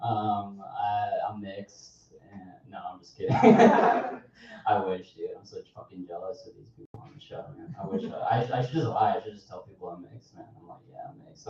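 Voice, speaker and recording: A man's voice: lowish voice, dark tone, slight background noise. A young man doing a stand-up set in a comedy club, talking in an offhand, rambling, self-mocking way. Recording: echoey, distant, dull live club recording.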